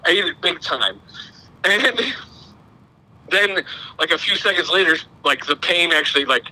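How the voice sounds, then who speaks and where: A man's voice: a little high, moderate pace, bright, forceful tone, rough recording. A middle-aged man, telling a long, rambling, self-deprecating story in casual podcast chat. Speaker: podcast co-host.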